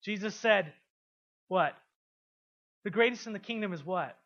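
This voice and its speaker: A man preaching a sermon to a congregation. He asks them questions and swings from quiet, intimate passages to loud, emphatic ones. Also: sits high, measured pace, highs cut off. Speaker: pastor.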